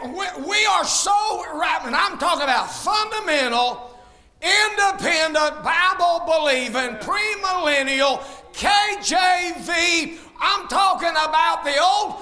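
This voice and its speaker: A man preaching at full volume, with a very high, piercing voice. He shouts his points, then drops into folksy, joking asides. It is a fiery sermon from the pulpit. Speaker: pastor.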